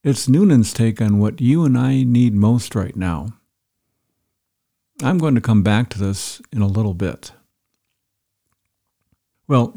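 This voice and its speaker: A man reading passages from an article aloud and reflecting on them in a measured, deliberate way. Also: medium pitch, creaky, dark tone. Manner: measured, reads quotes aloud with pauses and emphasis. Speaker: speaker reading and commenting on an article. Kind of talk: reflective spoken commentary.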